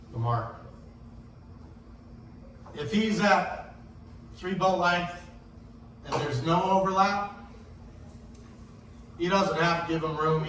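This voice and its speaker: Man teaching sailing in an echoey room. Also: fairly high pitch. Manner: anecdotal, acts out shouting sailors in quotes. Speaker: sailing instructor. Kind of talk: casual classroom talk on racing rules. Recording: echoey room, distant mic, faint hiss.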